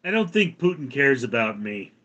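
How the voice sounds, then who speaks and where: A man hosting a casual livestream, rambling with halting restarts. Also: mid-range voice, sing-song, pushed and bright, highs cut off. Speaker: livestream host.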